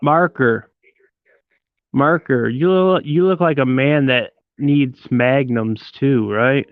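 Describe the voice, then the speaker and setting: A man's voice: medium pitch, slow, no room sound. A man from Detroit hosting a live stream, joking and rambling as he teases his viewers. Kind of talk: casual live-stream chat. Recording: tinny phone-like sound, dry.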